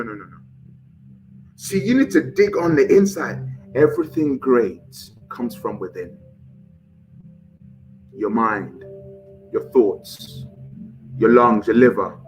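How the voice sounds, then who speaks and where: A man with a fairly high voice runs a live motivational talk, hammering home affirmations and guiding slow breaths. He talks straight to his viewers in an energetic, preachy way. Soft music plays faintly behind him. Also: low-quality recording. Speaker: motivational live-stream host.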